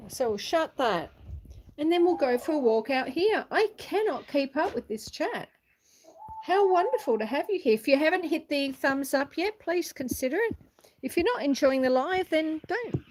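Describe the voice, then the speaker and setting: A high-voiced homestead livestreamer walks outdoors on her farm, reading chat and chatting casually with viewers. She's warm and talkative, laughing often, with slight background noise in the audio.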